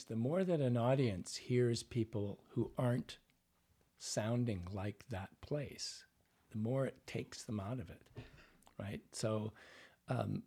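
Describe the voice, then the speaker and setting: Husky-voiced male dialect coach explaining. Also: mid-range voice, mellow. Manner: explanatory, demonstrates lines and sounds. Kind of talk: interview explanation.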